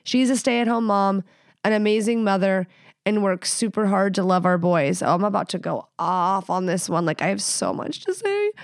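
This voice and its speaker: A woman's voice: mid-range voice, lively intonation, normal speed, smooth, no room sound, clean studio sound. Blunt, profane woman podcast host. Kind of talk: casual sex advice podcast.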